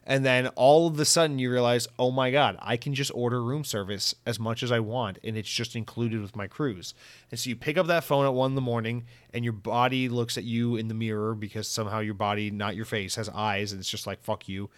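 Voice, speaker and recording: A man chatting casually on his own podcast, rambling and swearing freely, jumping between highs and lows as he goes. His voice sits in an ordinary middle range. The sound is dry and close, with no room around it. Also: brisk, dry recording. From Central Florida. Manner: profane, rambling and animated. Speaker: podcast host. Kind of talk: casual chat.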